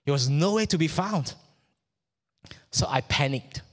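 A middle-aged preacher from Malaysia delivers a sermon, his slightly raised voice halting on repeated words before surging with fervor. Long reverb from the hall trails each phrase. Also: a little high, expressive. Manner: halting and repetitive, rising with fervor. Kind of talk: sermon with a personal story.

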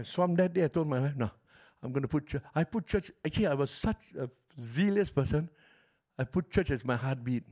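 A middle-aged man preaching a sermon as pastor, telling stories passionately and swinging from loud outbursts to hushed, quiet lines. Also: medium pitch.

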